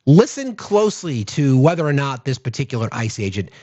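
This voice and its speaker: A man hosts political commentary from home, ranting sarcastically and swearing. His pitch swings widely, and the dull, lo-fi sound is dry. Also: very animated, a little fast, mellow, dry recording. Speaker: host.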